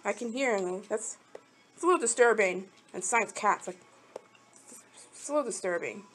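A woman's voice: medium pitch, lively intonation, moderate pace, loud music behind the voice. A young woman giving casual, rambling commentary while playing mobile games, talking to the characters and getting frustrated. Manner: rambling, talks to game characters, easily frustrated. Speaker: mobile game channel host.

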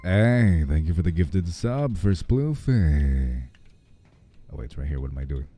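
A man livestreaming, a bit hoarse, rambling and joking casually with his chat. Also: low-pitched, big pitch swings, measured pace, warm tone.

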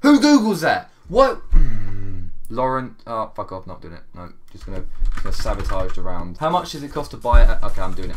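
A young man doing casual gameplay commentary, swearing often and quick to get exasperated and mock himself. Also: fairly low pitch. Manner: swears a lot, quick to exasperation, self-mocking. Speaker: gaming YouTuber.

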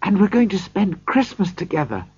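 A man's voice: high-pitched, big pitch swings, moderate pace, darkish tone, slightly rough, no room sound, lo-fi sound, voice pushed up, exaggerated voice. A man voicing a loving young girl who talks eagerly in a raised voice. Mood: joyful.

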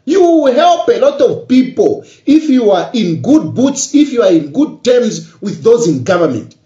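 Zambian man, emphatic and insistent, high lively voice, echoey dull recording. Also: unhurried. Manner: emphatic, repetitive, rising to insistence. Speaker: politician. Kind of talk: political address to social media. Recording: echoey, dull lo-fi room sound.

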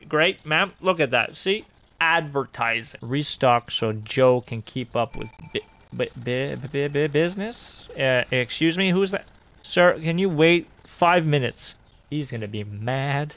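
A man's voice: on the high side, animated, unhurried, a bit bright. A young man streaming a supermarket game, chatting casually and frantically to himself and to the customers in the game. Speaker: gaming streamer. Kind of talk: casual let's play commentary.

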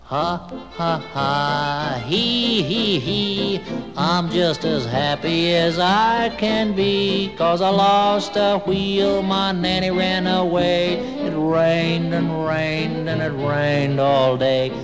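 A man's voice: a little high, steady tone, extremely slow, over music. A man voicing a country boy, folksy and plain-spoken. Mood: laughing song. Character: grumpy country boy turned laughing.

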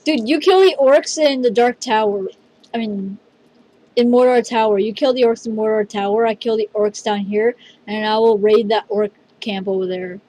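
Excitable high-voiced woman gaming. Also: normal speed, low-quality recording. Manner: excitable, rambling, says "dude" often. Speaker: gameplay video host. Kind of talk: casual gameplay commentary.

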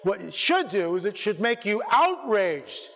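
High-voiced man preaching fiery exhortation. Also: big pitch swings, a little slow, creaky. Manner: urgent, exhorting, builds to shouted rebukes. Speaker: conference speaker. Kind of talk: fiery conference lecture. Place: church auditorium. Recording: reverberant church hall.

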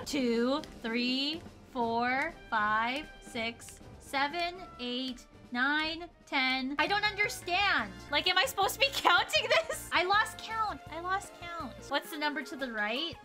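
A young woman live-streaming a game in a very high voice, excitable and thinking out loud. She keeps counting things off under her breath. Music plays clearly behind her. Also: takes it slowly.

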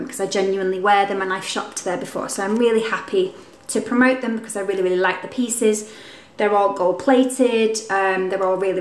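A young woman chatting casually to camera in an upbeat vlog about her home and Christmas tree, with lots of ums. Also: mid-range voice. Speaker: lifestyle vlogger. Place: home living room. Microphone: camera mic. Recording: roomy home room.

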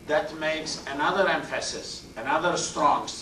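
A man with teaching a Quran class, explaining Arabic words one at a time and rattling off verb forms. He sounds far from the microphone in an echoey room. A faint hiss runs under his voice. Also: a little high. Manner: explains word by word, repeats terms, recites Arabic verb forms quickly. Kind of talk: classroom tafsir lecture. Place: mosque classroom. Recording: roomy echo, distant mic, faint hiss.

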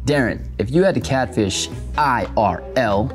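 A man's voice: medium pitch, expressive, measured pace, over music. A playful man joking with a co-star. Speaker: actor guest. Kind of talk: casual chat.

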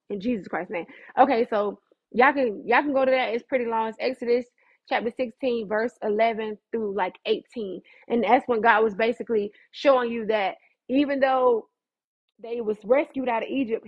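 A woman's voice: fairly high pitch, slightly rough. A woman preaching fervently on a livestream, conversational and dramatic, mixing scripture with chat. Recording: dull lo-fi livestream audio.

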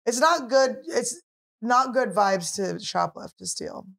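A woman's voice: fairly high pitch, animated, slow pace, creaky, fairly bright tone. Chatty joking woman podcast host. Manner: chatty storyteller, joking, swears casually. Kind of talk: casual chat.

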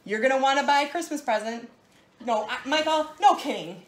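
A woman with a fairly high voice hosts a casual live jewelry sales show. She gushes and jokes in a bubbly, playful way as she shows each piece to her viewers. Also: fairly quick, slight background noise.

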